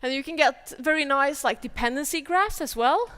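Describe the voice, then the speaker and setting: A woman giving a technical conference talk, speaking as an energetic, chatty presenter handing out advice. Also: sits high, normal speed, big-room sound. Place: large conference hall.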